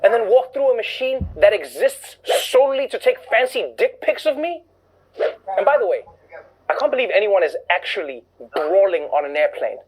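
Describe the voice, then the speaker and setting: A man's voice: high voice, very animated, normal speed, husky, rough recording. A man hosting a comedy show, delivering scripted sarcastic commentary and acting out voices for punchlines.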